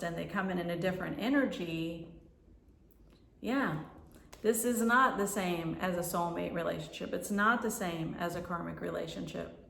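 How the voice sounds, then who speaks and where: Woman coach speaking from far off. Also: on the low side. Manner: flowing, repetitive, tags lines with "right?". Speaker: spiritual life coach. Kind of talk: spiritual teaching monologue. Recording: roomy, from far off the mic.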